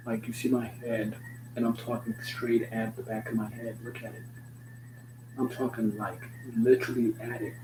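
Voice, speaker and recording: A man's voice: medium pitch, level tone, moderate pace. A young man rambling through a joking, slangy, stream-of-consciousness vlog with loose swearing. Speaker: vlogger. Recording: noticeable background hum.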